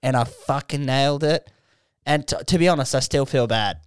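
A man's voice: mid-range voice, moderate pace, clean tone, dry recording, studio quality. A man with an Australian accent, a comedian on a podcast, telling a story in loose, slangy banter with some swearing. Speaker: comedian guest.

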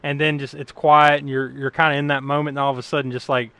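A man's voice: mid-range voice, little pitch movement, quick pace, bright, forceful tone, smooth, dry recording. A man from the United States hosting a podcast, recapping a film in rambling casual chat, laughing often and swearing freely. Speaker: podcast host.

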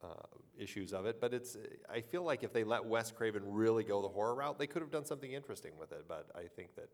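Brief: male co-host, lower voice, thoughtful, halting delivery. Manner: hesitant, thoughtful. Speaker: podcast co-host. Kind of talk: casual chat.

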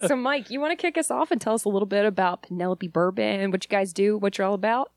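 A woman's voice: mid-range voice, fast talker. Upbeat woman hosting a podcast. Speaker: podcast host. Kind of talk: casual chat.

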